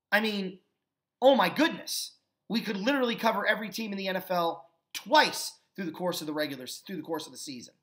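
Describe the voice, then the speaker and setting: A man hosting his own football talk show, giving opinionated commentary with emphatic rhetorical questions. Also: a little high. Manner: calmer and earnest when thanking fans. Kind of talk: opinionated sports commentary monologue.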